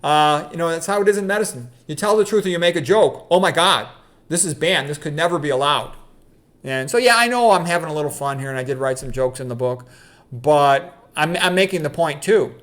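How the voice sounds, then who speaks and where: Middle-aged male doctor, a little high-pitched, casual rambling story, many ums. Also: fairly quick. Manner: rambling, full of fillers and restarts.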